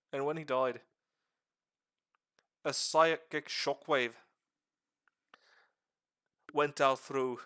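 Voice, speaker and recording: A man lecturing on a livestream in a put-on Irish accent that slips toward Scottish, excitable and swearing. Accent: put-on Irish, slipping into Scottish. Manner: excitable, swearing, sudden pitch jumps. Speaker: streamer giving a lore lecture.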